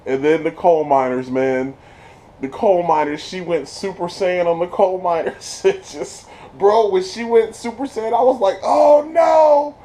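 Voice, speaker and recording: A man giving a casual spoiler review of a TV episode, slangy and excited, laughing often as he retells scenes. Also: high-pitched, a little slow, slight background noise.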